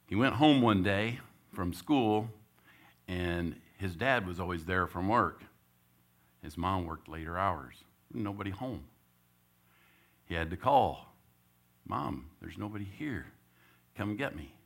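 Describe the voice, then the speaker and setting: A middle-aged church elder preaches by telling a story, his low voice swinging widely in pitch. He chuckles often and acts out what each person said. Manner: animated, laughs often, acts out quotes. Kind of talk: storytelling sermon.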